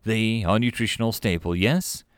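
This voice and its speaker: A man voicing a polite, cryptic, many-eyed tentacled alien noodle vendor in a storybook reading, with a deep, wet, formal way of speaking. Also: normal speed, dry recording, studio quality, lightly acted. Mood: courteous, cryptic. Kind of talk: audiobook character voice.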